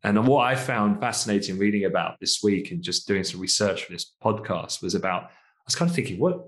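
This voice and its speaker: A man co-hosting a finance podcast, talking in a relaxed, chatty way and asking tag questions like "isn't it?". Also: lowish voice, fairly quick. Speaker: co-host, markets commentator. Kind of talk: casual podcast discussion.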